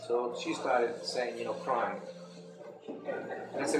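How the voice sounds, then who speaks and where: A man's voice: medium pitch, slow pace, long pauses. A man earnestly recounting a personal story, retelling a conversation line by line. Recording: roomy, distant, loud ambient noise.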